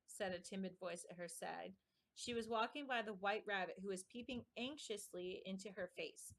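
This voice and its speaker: Bright-voiced woman reading a storybook. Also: medium pitch. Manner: measured, slow narration. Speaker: stream host reading aloud. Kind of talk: storybook read-aloud.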